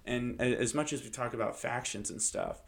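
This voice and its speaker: A young man hosting a comedy podcast, telling stories in an animated, casual way with swearing and laughs. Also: mid-range voice, a little fast, vocal fry, slight background noise.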